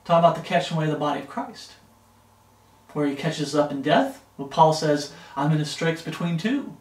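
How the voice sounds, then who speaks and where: Emphatic preacher, high voice, echoey room. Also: male voice, brisk, far from the mic. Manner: emphatic, repeats words, frequent "okay?". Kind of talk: Bible study sermon.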